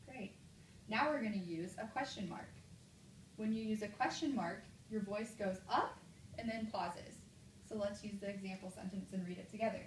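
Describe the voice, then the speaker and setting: A woman teacher giving a classroom mini lesson, with clear, encouraging prompts and slow, exaggerated example sentences. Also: medium pitch. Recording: echoey room from a distance, light noise.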